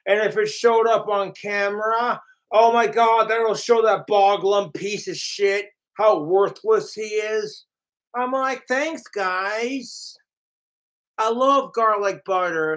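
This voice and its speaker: On a rough recording, a man with a high, fairly bright voice livestreams a profane, mocking rant about his trolls. He refers to himself in the third person and imitates the trolls in sneering voices.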